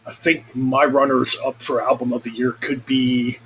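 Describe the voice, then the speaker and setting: Here a young vlogger speaks at normal speed in a medium-pitched, slightly bright voice that barely moves in pitch. He chats casually, rambling, cursing freely, and correcting himself. The rough recording has slight background noise.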